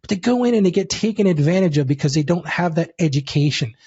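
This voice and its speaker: A man telling a personal story in a lively, casual way as a guest, calling the listener "dude". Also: on the high side, quick pace, breathy edge, highs cut off. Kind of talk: animated storytelling.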